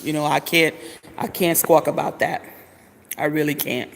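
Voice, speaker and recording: A man's voice: fairly high pitch, fairly even intonation, moderate pace, gravelly, a bit bright. A man chatting casually to his viewers, calling them honey and swearing freely. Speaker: vlogger. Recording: long reverberant echo.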